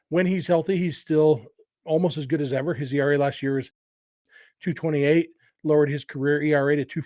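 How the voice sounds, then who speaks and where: Middle-aged guy doing a sports podcast, bit high voice, dry close sound, lots of uhs and restarts. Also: a little mellow, no echo. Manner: conversational, thinking aloud with fillers and restarts. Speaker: podcast host. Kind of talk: casual sports podcast talk.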